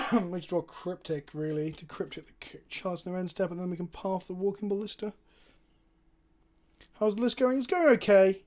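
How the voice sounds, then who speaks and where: Guy streaming card games, chats and curses casually, talks through his plays out loud. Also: high-pitched, steady tone, normal speed. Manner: chatty and swears casually, thinking aloud. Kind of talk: casual live-stream gameplay commentary.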